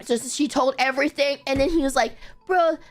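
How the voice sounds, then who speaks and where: A woman streamer telling a story in casual chat, animated, swearing often and breaking into laughter. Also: high-pitched, fast, faint music behind. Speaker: VTuber streamer.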